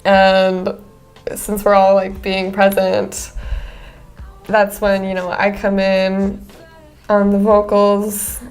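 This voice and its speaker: A woman's voice: mid-range voice, completely flat delivery, takes it slowly, pauses often. A young woman musician, chatting casually in a studio interview with lots of "like" fillers and a playful manner. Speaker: musician, band singer. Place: studio with a green screen.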